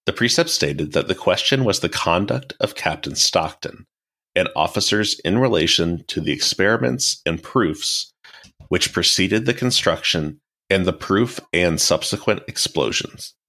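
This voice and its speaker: A man co-hosting a casual history podcast, reading historical quotes aloud in a slow, measured way. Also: sits low, expressive, sharp tone. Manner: slow, measured when reading quotes; quick reactions and laughs. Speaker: podcast co-host.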